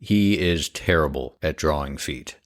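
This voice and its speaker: A very deep-voiced man co-hosting a casual movie review chat. He chimes in with short agreeing interjections and dry, wry jokes, and explains things plainly when asked. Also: a little slow. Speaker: podcast co-host.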